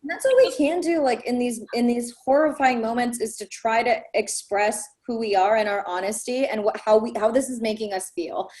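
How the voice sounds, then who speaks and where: A woman's voice: a little high, fairly quick, few pauses, darkish tone. A woman in her thirties, an actress, talking casually over a video call in a wry, self-deprecating way. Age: 30s. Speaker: actress guest.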